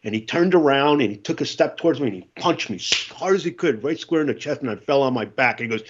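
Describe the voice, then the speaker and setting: A middle-aged man, a former Marine, telling stories in a casual interview, animated and acting out what others said. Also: mid-range voice, fast, hardly any pauses, slightly rough, dull audio. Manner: animated storyteller, acts out quotes. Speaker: podcast guest, former Marine.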